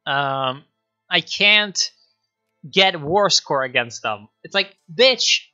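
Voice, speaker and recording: A man streaming a strategy game, excitable, swearing and laughing as he comments on his moves. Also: mid-range voice, muffled recording.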